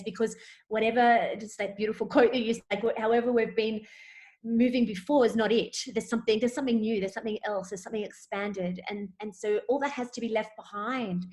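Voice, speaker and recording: A woman guest in a spiritual conversation, speaking in halting, searching phrases and often repeating words as she finds them. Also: on the high side, darkish tone.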